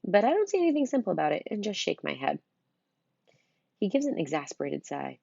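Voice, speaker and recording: A middle-aged woman reads a children's novel aloud, adding chatty, punny asides for her listeners. Her voice is low and husky, with a lively, swinging melody. The recording is dull and lo-fi. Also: brisk, pauses often, no echo. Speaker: storybook reader.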